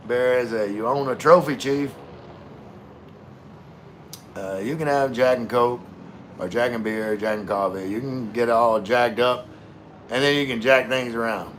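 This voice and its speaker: Slow-talking easygoing man reading chat. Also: medium pitch, slight background noise. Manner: easygoing, laughs often, reads comments aloud. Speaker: live streamer reading viewer chat. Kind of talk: casual livestream chat.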